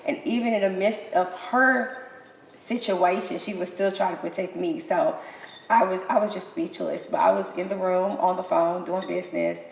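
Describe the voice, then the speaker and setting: Lively gravelly woman telling her story. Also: lowish voice, normal speed. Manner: animated, repeats herself, laughs mid-sentence. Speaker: guest, cancer survivor. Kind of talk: emotional personal storytelling. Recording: echoey room with long reverb, faint noise.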